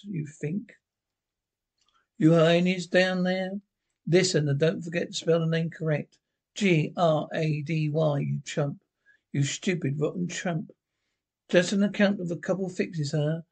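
A sneering, brash jockey, banned and bitter, full of self-mockery, as a man puts him on. The voice sits a touch high and snaps out its lines, read as a one-man drama script reading. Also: a little mellow. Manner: snarling, self-mocking, brash.

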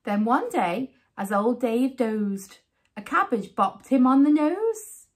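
A woman reading a rhyming children's picture book aloud as a storyteller, with an expressive, sing-song delivery. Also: fairly high pitch, slow pace.

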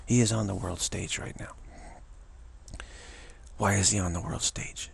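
A man's voice: sits low, steady tone, unhurried, gravelly, husky. A man vlogging in a rambling, repetitive, theatrical way, giving casual spiritual commentary.

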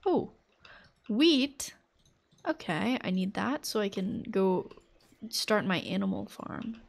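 A woman's voice: medium pitch, animated, slow pace, vocal fry, slight background noise. A woman streaming a game live, chatting casually and rambling, with lots of fillers and frequent laughter. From United States.

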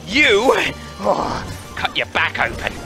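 Man, VR gameplay commentary, high lively voice, joking and yelling. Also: a little slow, over music, poor audio. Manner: playful, laughing, yelling during fights. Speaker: gaming YouTuber.

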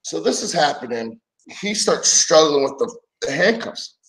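Animated male wrestler telling stories. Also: a little high, normal speed, poor audio. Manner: animated storyteller, acts out quoted voices. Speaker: podcast co-host, former wrestler. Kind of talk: casual chat, storytelling.

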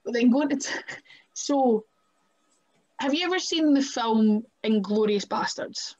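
Scottish lady wrestler chatting away, bit higher voice, lots of like and right, muffled lo-fi sound. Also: unhurried. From Scotland. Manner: chatty, animated, laughs often, fills with "like" and "right?". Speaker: wrestler, podcast guest. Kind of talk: casual storytelling interview. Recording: muffled lo-fi audio.

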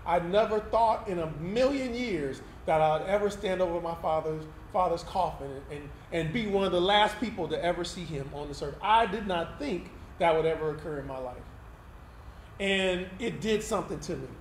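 Male pastor, fairly high voice, conversational testimony sermon, roomy hall with a faint hiss underneath. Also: normal speed. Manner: candid, conversational, tag questions like "right?". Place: event hall used for Sunday service.

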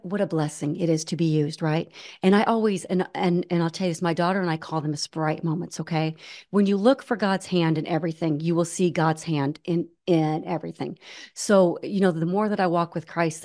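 A woman guest telling stories in an earnest, animated way, acting out the voices she quotes. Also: fairly low pitch, normal speed. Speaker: guest, ultramarathon runner. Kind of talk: conversational storytelling.

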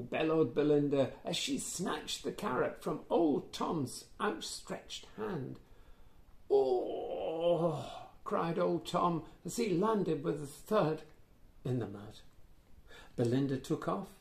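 A man reading a children's picture book aloud in a playful, animated way, with gasps and asides to the listener. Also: fairly high pitch, gravelly. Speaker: children's storyteller. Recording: echoey room.

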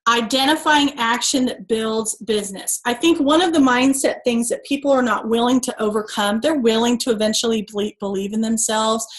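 A woman in her thirties giving an earnest, preachy motivational talk to her sales team, full of emphatic rhetorical questions. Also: a little high. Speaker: team call speaker.

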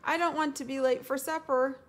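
A woman's voice: high-pitched, fairly even intonation, brisk, pitched above the performer's own voice, close to an everyday voice. A woman voicing a kind, sensible young boy who explains things patiently in a storybook read-aloud.

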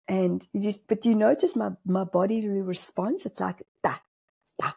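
Gravelly, husky South African woman. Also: mid-range voice, moderate pace. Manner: animated, laughs often, acts out inner voices. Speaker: spiritual medium guest. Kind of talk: podcast conversation.

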